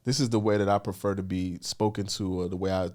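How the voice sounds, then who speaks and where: A male podcast guest with a fairly low voice, speaking in casual conversation. He is candid and emphatic, and states his views bluntly and frankly. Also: fairly even intonation, fast talker, a little mellow.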